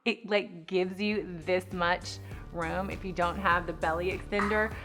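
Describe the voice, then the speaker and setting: A pregnant woman vlogging to camera in a chatty, fast, filler-heavy way, a little out of breath. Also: fairly low pitch, steady tone, over music. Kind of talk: casual chat to camera.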